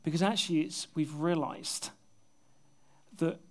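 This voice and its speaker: Male pastor, higher-pitched, delivering an earnest sermon with soft, intimate drops and light self-mocking humor. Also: fairly even intonation, unhurried. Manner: earnest, often dropping to soft, intimate tones; self-deprecating humor with bursts of laughter. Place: church service with a congregation.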